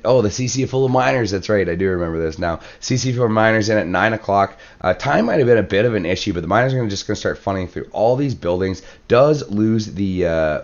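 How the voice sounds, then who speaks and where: Deep hoarse man calling gameplay. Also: lo-fi sound. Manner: relaxed play-by-play with fillers and throat clearing. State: losing his voice, hoarse. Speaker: clan war commentator. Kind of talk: gameplay commentary.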